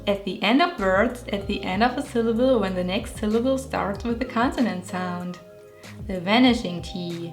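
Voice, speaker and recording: German-accented woman, playful and self-mocking. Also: medium pitch. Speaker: illustrator and vlogger. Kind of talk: talking over a speed painting video.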